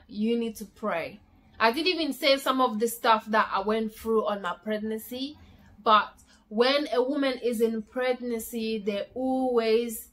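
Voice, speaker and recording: Bright, animated young woman telling a story. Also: a little high. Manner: animated, repeats words for emphasis. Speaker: vlogger. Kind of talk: casual personal storytelling.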